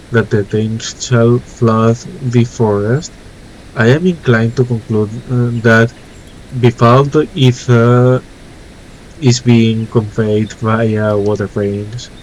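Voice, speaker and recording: A man with a flu-stuffed nose reading out a formal, learned young male scholar's game dialogue in a plain, slightly halting voice. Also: medium pitch, fairly even intonation, a little mellow, lo-fi sound, slight background noise, natural voice. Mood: earnest.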